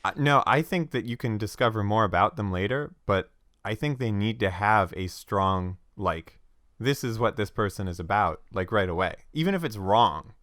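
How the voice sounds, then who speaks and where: Man podcast host, casual game chat, rambling, lots of filler, low voice, dry close sound. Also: expressive, normal speed, fairly bright tone, no echo. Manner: rambling, frequent restarts and filler. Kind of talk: casual chat about tabletop games.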